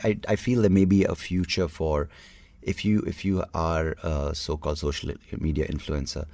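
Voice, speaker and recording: A man's voice: a bass voice, vocal fry, a little mellow, no room sound. A man hosting a solo podcast as a stand-up comedian, talking in a candid, rambling way and swearing freely.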